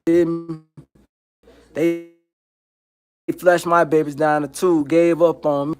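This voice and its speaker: A man with a notably high-pitched voice delivers a heated livestream rant from his home. He talks emphatically, swears a lot and hammers the same points again and again. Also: flat delivery, slow pace, a little mellow, soft background music. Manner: profane, emphatic, repetitive ranting. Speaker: livestream host.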